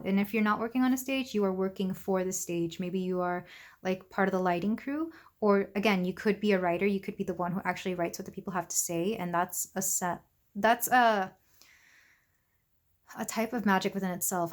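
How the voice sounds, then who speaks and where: A young woman giving a casual pick-a-card tarot reading, gentle and chatty with frequent ums and asides. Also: medium pitch. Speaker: tarot reader.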